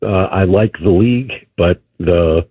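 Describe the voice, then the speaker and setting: A man calling in to a radio show, speaking haltingly at first and then turning combative. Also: low-pitched, no room sound. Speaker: caller. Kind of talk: call-in radio talk. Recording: dull lo-fi phone line.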